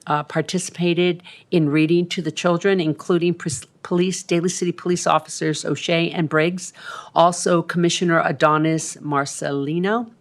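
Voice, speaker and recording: The sixtysomething councilwoman delivers her meandering report with lots of ums and a chatty manner. Her voice is lowish and steady, and she keeps a moderate pace. She's speaking at a council meeting in the council chamber.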